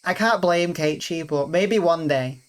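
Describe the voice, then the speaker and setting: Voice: medium pitch, measured pace, poor audio. A game streamer reacting to a visual novel with profane, groaning, anxious commentary.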